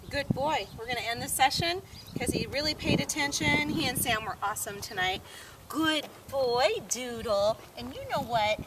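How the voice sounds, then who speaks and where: A woman dog trainer giving a training demonstration, praising the dog in a high sing-song voice and calmly explaining each step to viewers. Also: moderate pace. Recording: distant outdoor mic with loud background noise.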